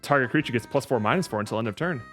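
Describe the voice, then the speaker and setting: A young man opening card packs on a stream, chatting casually, reading card text aloud quickly and swearing freely. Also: medium pitch, animated, over loud music. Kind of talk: casual chat.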